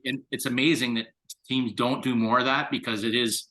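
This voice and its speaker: Bright-voiced man telling lively stories. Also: medium pitch, brisk. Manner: animated storyteller, laughs often. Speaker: podcast guest, hockey executive. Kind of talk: casual interview chat.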